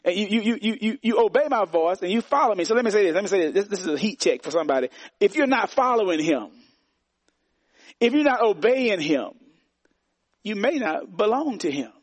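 A man's voice: sits high, very animated, brisk, no echo. A man preaching a sermon as pastor, emphatic and repetitive, calling on the congregation to answer back.

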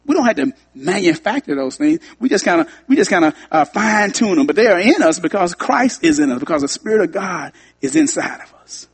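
A man's voice: sits high, very animated, a little fast, hardly any pauses, slightly rough. A man preaching to his congregation, repeating lines for emphasis and talking straight to the room. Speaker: pastor. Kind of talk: sermon.

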